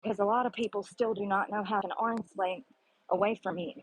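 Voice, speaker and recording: A woman's voice: mid-range voice, steady tone, brisk, breathy edge, no echo, rough recording. A woman talking to her camera in a gym, blunt and profane, explaining her workout in a casual chatty way. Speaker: vlogger. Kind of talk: casual gym vlog talk. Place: public gym.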